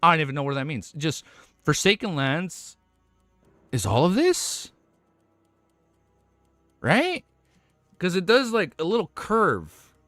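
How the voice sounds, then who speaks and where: A young man streaming live, reacting excitedly with lots of swearing and laughing at himself. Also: a little high, slow pace, pauses often, dry recording, studio quality, soft background music. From United States.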